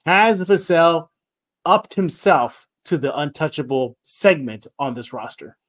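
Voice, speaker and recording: Energetic sports podcast host, man. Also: on the high side, unhurried. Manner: energetic, rambling, repeats himself. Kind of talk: sports podcast talk with read ads.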